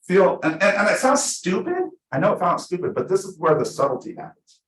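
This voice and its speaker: A man teaching real estate agents at a team meeting, talking fast and acting out his examples. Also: high voice, a little hiss or hum. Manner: energetic, fast, full of acted-out examples. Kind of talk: live team training class. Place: meeting room with a small audience. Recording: echoey room.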